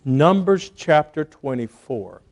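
A man preaching a sermon as a pastor, retelling a story in an animated way and acting out the quotes. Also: a little high, slow pace.

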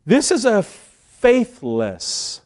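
A man with a fairly high voice delivers a sermon. He speaks earnestly, pausing and repeating words, and acts out the quotes he cites. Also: wildly swooping pitch, a little mellow. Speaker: preacher.

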